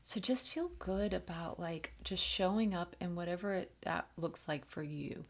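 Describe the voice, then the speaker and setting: A woman giving a channeled spiritual reading, gentle and encouraging, with many fillers and restarts and frequent drops into soft whispers. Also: lowish voice, normal speed, creaky, hardly any pauses. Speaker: channeled reader.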